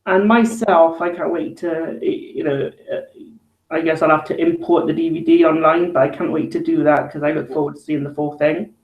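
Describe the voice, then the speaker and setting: A man's voice: fairly high pitch, steady tone, normal speed, dull audio. A man hosting a casual live chat, speaking hesitantly with many restarts. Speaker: host. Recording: roomy echo.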